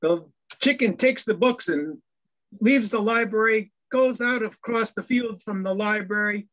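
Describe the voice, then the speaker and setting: Male minister preaching slowly, tells jokes with lots of restarts, dull lo-fi recording. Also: high voice, a bit bright. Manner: storytelling jokes, hesitant with restarts. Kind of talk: sermon. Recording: dull lo-fi sound.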